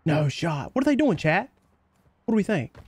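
Excitable Southern gamer guy streaming live. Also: fairly high pitch, moderate pace, slightly rough, dry recording. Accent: Southern US twang. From North Carolina, US. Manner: excitable, chatty, reacts loudly to the game. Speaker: livestream gamer. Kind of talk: live gameplay streaming, chatting with viewers.

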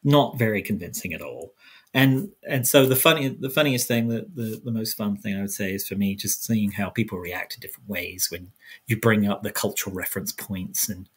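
Husky British man with Americanized speech. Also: fairly low pitch, fairly quick, fairly bright tone. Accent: South London English mixed with American. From South London, England. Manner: chatty, rambling, many restarts. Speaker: guest historian. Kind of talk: conversational interview answer.

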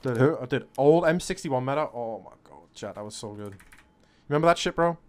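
A man streaming a shooter game, chatting casually to his viewers, excitable and swearing often, calling everyone bro. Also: mid-range voice, a little fast. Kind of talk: casual live-stream commentary.

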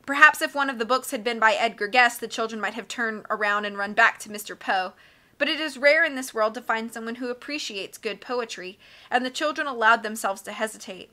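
A woman reading a children's storybook aloud, with lively, expressive narration and small slips that she corrects as she goes. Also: fairly high pitch, a little fast. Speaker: audiobook reader.

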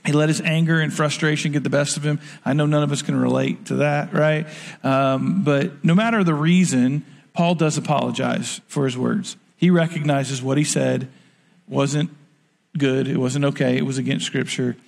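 A man's voice: medium pitch, steady tone, normal speed, gravelly. A man preaching a sermon in a conversational way, acting out the quoted lines. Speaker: pastor. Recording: long church reverb.

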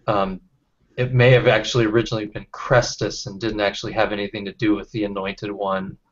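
A man leading a casual online study group, reading out chat comments and talking with halting restarts over a video call. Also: fairly low pitch, flat delivery. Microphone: computer mic on video call. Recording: dull lo-fi call audio.

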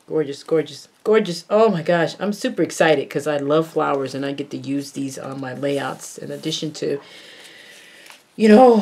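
Low-voiced woman gushing over a craft haul. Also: breathy edge. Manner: gushing, exclaiming over each item, drops into soft murmurs. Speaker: craft vlogger unboxing a haul. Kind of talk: casual unboxing narration.

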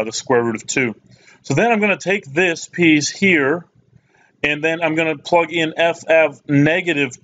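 A man's voice: mid-range voice, a bit bright. A man teaching a recorded math lesson, casual and plain-spoken, often checking in with "okay?". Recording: slightly muffled lo-fi recording.

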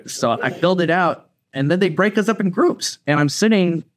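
A man's voice: high-pitched, normal speed, no room sound. A man on a podcast telling a story casually, acting out the voices of the people in it. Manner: animated, acts out quoted voices. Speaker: podcast guest.

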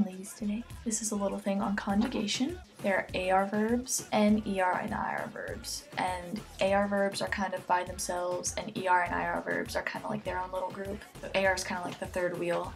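A woman's voice: medium pitch, fairly even intonation, fairly quick, gravelly, faint music behind. Chatty teen girl teaching Spanish. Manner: chatty, jokey, easily sidetracked. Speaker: amateur Spanish tutor. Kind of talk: casual homemade video lesson. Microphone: computer webcam mic close up.

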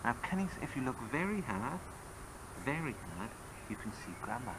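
Dad coaxing a toddler on camcorder. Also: male voice, medium pitch, moderate pace, noisy background. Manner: coaxing, teasing, animated. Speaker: father filming a home video. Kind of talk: playful talk to a toddler. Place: family home. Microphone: camcorder microphone.

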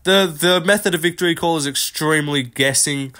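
A man's voice: on the high side, a little fast, pushed and bright. Rambling young man talking fight picks. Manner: rambling, filler-heavy, casual swearing. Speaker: MMA predictions host. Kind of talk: casual unscripted fight-prediction talk.

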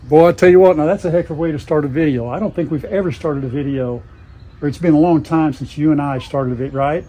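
A man's voice: a little high, fast talker, warm tone. An older man hosting a casual farm vlog in a folksy, chatty way, recorded on a lapel mic. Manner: folksy and chatty, talks sweetly to dogs. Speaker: farm vlogger.

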